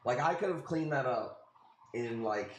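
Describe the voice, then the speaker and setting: A man's voice: medium pitch, expressive, unhurried, reverberant, a little hiss or hum. A man in his late thirties hosting a live stream, casually rambling through a story with lots of swearing and "dude.". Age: 30s. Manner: rambling, profane, says "dude" constantly. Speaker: livestream host.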